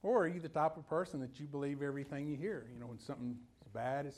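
A man's voice: on the high side, fairly even intonation, fast, darkish tone. A man preaching a sermon in a folksy, conversational way, telling personal stories and putting questions to his listeners.

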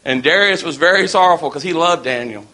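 A man's voice: a little high, a little fast, sharp tone. A man preaching a sermon in a folksy, storytelling way.

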